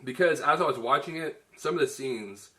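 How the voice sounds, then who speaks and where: A man's voice: medium pitch, normal speed, pushed and bright. A man hosting a casual film review chat, talking loosely with many restarts. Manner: chatty, many restarts and "you know". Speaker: film reviewer, show host.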